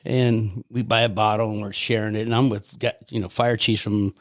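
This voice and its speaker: An older man from the United States, a podcast guest telling anecdotes in a lively way, repeating words and laughing often. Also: on the low side, moderate pace, no echo. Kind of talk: casual storytelling chat.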